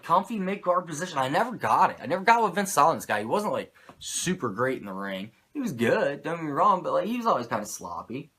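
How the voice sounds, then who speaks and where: A man's voice: fairly high pitch, pushed and bright, husky. A man who hosts a podcast, giving a casual, profane and rambling recap of a wrestling show with many fillers. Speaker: podcast host.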